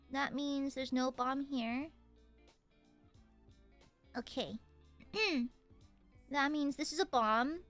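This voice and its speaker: A woman's voice: high-pitched, a bit bright. A young woman with a Southern US accent, chatting playfully and laughing as she streams a game. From American South. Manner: playful, laughing, teasing chat. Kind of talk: casual game stream chat.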